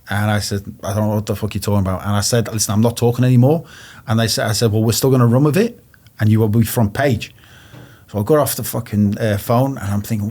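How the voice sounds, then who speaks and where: A man from England sits as a guest and tells his story in a blunt, plain way, swearing freely. His pitch sits in the usual middle range. He acts out the old phone calls in quoted voices as he goes. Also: fast talker, a little mellow. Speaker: interview guest. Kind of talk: casual storytelling.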